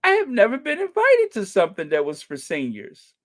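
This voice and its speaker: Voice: medium pitch, wildly swooping pitch, fairly quick, a bit bright. A middle-aged channel host chatting casually on a livestream, playful and given to mock outrage.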